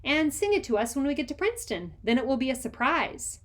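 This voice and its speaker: A woman voicing a patient father from a children's book, mild and reasonable in tone. He speaks gently, in a voice close to the reader's own. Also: high-pitched, big pitch swings, brisk, pitched above the performer's own voice. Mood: calm.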